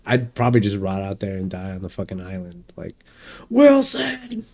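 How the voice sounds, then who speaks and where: A man's voice: low voice, steady tone, quick pace, darkish tone. A man co-hosting a podcast in casual chat, laid-back and laughing, swearing freely. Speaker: podcast co-host.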